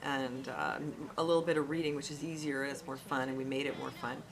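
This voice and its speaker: A woman's voice: a bass voice, fairly quick, crowd noise. A middle-aged woman and parent, giving earnest, frank advice straight to camera in a casual talk. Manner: earnest, frank, repeats words when emphasizing. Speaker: parent vlogger.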